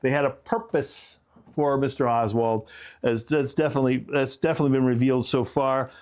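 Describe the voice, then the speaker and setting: A man's voice: mid-range voice, fairly even intonation, fairly quick, a little mellow. A man co-hosting a podcast, talking through current events in a rambling, chatty way with frequent restarts and tangents. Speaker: podcast co-host. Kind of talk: casual podcast commentary.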